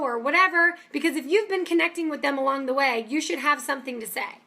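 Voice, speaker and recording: A woman's voice: high voice, fast talker, vocal fry, few pauses, bright, forceful tone. A woman giving an upbeat, emphatic motivational training talk as a business coach. She keeps checking in with her listeners with "okay?".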